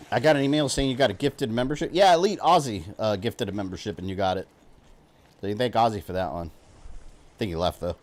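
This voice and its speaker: A man plays a video game live and talks to his viewers the whole time, in a relaxed, rambling way full of fillers. He laughs easily and drifts between topics. His voice sits fairly low. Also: brisk. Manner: rambling, chatty, laughs often, lots of fillers. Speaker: gaming streamer. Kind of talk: casual live-stream commentary.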